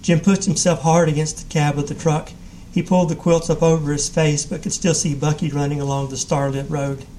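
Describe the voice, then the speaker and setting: A man giving a measured live reading of a short story. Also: a little high, little pitch movement, dark tone, slight background noise, low-quality recording. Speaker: reader.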